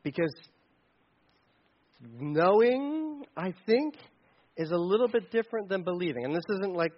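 Animated high-voiced male preacher. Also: unhurried, lo-fi sound. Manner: conversational and animated, shouting for emphasis. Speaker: pastor. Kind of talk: sermon.

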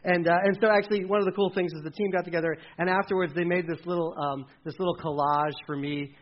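A man in his forties delivers a sermon as a meandering personal story. His voice sits a little high, and he keeps stopping to correct himself before acting out what people said. The recording sounds dull and lo-fi. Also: fairly even intonation, quick pace. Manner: rambling, self-correcting, acts out quotes with raised voice.

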